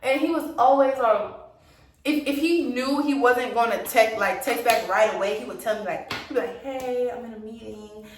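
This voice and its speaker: A woman's voice: fairly high pitch, normal speed, echoey room, recorded from a distance, slight background noise. A young woman casually telling a dating storytime, chatty, laughing often and acting out the lines people said. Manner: chatty, laughs often, acts out quoted dialogue. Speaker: storytime vlogger.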